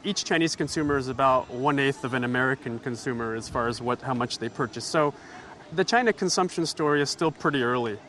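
A man's voice: mid-range voice, fairly quick, fairly bright tone, slight background noise. A man reporting on location from outdoors at a busy expo for the radio, giving wry, analytical commentary.

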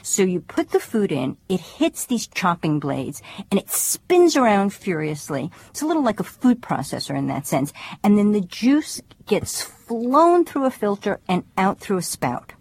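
A woman cookbook author is a guest on a radio show. She talks about kitchen equipment with lively swings in pitch and laughs often. Her voice sits in a middle register. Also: measured pace, few pauses, husky, no room sound. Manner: animated storyteller, laughs often. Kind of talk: conversational explanation.

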